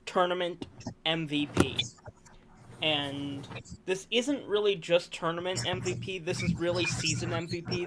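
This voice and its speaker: A man's voice: fairly high pitch, noisy background. A man co-hosting a casual sports review, announcing award finalists in a rambling, self-correcting way while hiccuping. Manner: rambling, self-correcting, enthusiastic about players. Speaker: co-host presenting awards.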